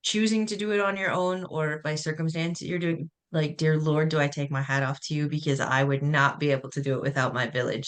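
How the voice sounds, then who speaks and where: A young woman and new mother, a former athlete, talking candidly and casually as a guest in a video-call webinar. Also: rumbling low. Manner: candid, chatty, self-deprecating.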